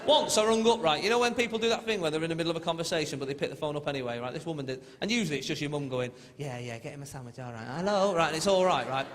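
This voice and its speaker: A man's voice: a little high, rapid-fire, few pauses. A man doing a stand-up comedy routine, chatty storytelling with mimicked voices, recorded live in a large theatre. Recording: live theatre with long reverb and loud crowd. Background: loud audience laughter.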